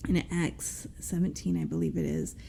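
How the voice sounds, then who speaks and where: A woman's voice: lowish voice, fairly even intonation, normal speed, vocal fry, dark tone, a little hiss or hum. A woman guest in an interview, telling her personal story in an earnest, rambling way with many fillers.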